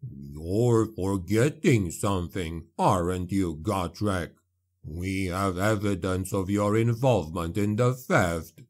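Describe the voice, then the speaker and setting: Guy voicing a proud dwarf king, low and slow, cutting tone. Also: darkish tone. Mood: scornful. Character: haughty scheming male dwarf king.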